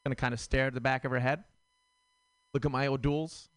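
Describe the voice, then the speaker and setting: A man's voice: medium pitch, steady tone, brisk, a bit bright, no room sound. A man doing a stand-up set, rambling and self-deprecating, with lots of fillers. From Rhode Island. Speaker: stand-up comedian. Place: comedy club stage.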